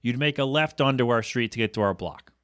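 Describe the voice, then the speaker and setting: A man's voice: brisk, a bit bright, dry recording, studio quality. A man hosting a podcast, telling a long rambling story in an exasperated, incredulous way. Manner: exasperated storytelling, rising in pitch when incredulous. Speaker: podcast host. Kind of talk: rambling solo podcast monologue.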